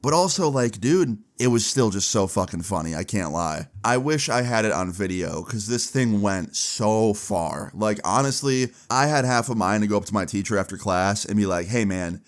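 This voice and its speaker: A young man tells a school story in loose, chatty storytime style, swearing freely. His voice is lively and informal, with plenty of slang. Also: fairly low pitch, normal speed, few pauses. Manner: animated, profane and chatty. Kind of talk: casual storytime.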